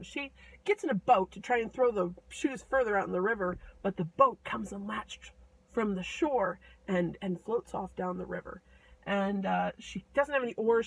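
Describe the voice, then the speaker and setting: A woman casually retelling a fairy tale with playful asides and quick voices for the characters. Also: mid-range voice, slightly rough, low-quality recording. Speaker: storyteller.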